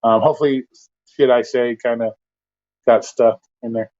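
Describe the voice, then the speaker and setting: A man's voice: medium pitch, fairly even intonation, moderate pace, darkish tone, highs cut off. A man hosting a casual livestream, ranting bluntly with heavy profanity and exasperation. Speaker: livestream host.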